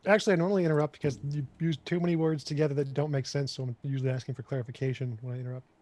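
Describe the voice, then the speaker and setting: A man in an online debate who answers viewer jabs briskly and plainly. He talks very fast, without any fuss. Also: fairly high pitch, fairly even intonation, darkish tone. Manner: quick, matter-of-fact retorts. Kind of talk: debate rebuttal.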